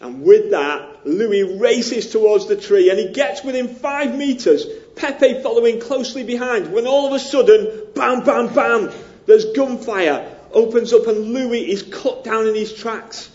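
A chatty, self-deprecating preacher with a northern English accent from near Liverpool. His voice sits fairly high for a man. The church recording sounds dull and lo-fi. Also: unhurried, a little mellow. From northern England. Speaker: pastor. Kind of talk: sermon.

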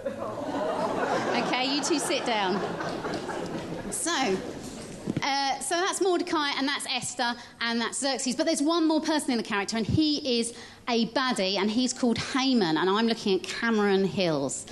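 Lively high-voiced woman telling a children's story. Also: a little slow, crowd noise, background noise. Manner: lively, directs child volunteers as she narrates. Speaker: children's talk leader in a church service. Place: church.

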